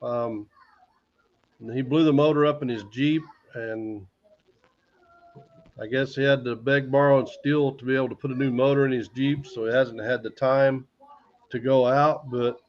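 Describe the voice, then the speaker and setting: Easygoing American man hosting a livestream. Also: medium pitch. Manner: easygoing, rambling, retells conversations. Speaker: livestream host. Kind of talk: casual live-stream chat. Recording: dull lo-fi livestream audio.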